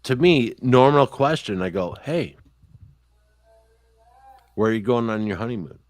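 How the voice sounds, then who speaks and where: A man's voice: mid-range voice, measured pace, no room sound. A man on a podcast telling childhood stories in casual chat, cursing often and acting out the people in his stories. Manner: profane, animated storyteller. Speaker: podcast host.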